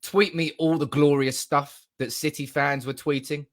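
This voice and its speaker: Hyped guy on a fan stream, slightly high voice, yelling and cursing, reading chat out loud. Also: fairly even intonation, normal speed. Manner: euphoric, swearing, shouting and laughing, reading out viewer comments. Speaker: fan channel livestream host. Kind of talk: excited live-stream reaction.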